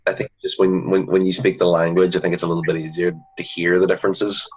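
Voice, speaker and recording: Guy chatting as an interview guest, husky low monotone voice, muffled lo-fi sound. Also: fast. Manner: earnest, restarts often. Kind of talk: casual conversation. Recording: dull lo-fi recording.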